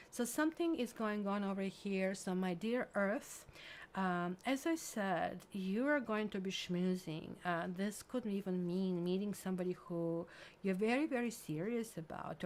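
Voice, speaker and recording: Chatty woman reading tarot, accented. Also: mid-range voice. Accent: non-native English accent. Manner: chatty and rambling, with many fillers like "like" and "um". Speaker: tarot reader. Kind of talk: casual tarot reading monologue.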